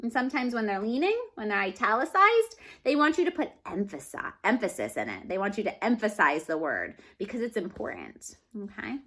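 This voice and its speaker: A woman's voice: medium pitch, very animated, fairly quick, hardly any pauses, fairly bright tone. A woman teacher giving a reading lesson to children, talking expressively and often checking in with "okay?".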